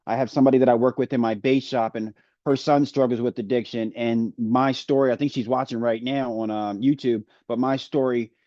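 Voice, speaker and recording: A man's voice: medium pitch, darkish tone, dry recording, lo-fi sound. A man answering as a summit guest on a video call, talking casually and hesitantly with many fillers. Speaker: guest speaker.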